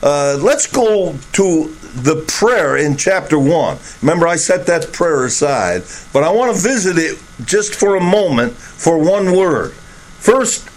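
Slow, emphatic male preacher. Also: on the high side, very animated, rough recording. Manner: slow, emphatic, repetitive phrasing with occasional chuckles. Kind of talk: sermon.

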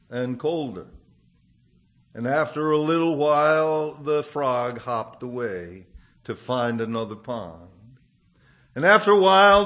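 Slow, gentle-voiced male preacher. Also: mid-range voice. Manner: gentle, storytelling delivery. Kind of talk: sermon with storytelling.

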